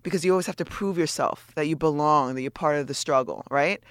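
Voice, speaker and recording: A woman's voice: sits low, fast talker, clear, resonant tone, no room sound. A woman co-hosting a podcast, speaking candidly and reflectively in casual chat. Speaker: podcast co-host.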